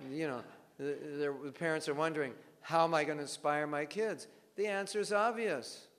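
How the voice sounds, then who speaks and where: A man giving a devotional scripture class, telling stories in an animated way and acting out bits of dialogue. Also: fairly high pitch, normal speed, big-room sound.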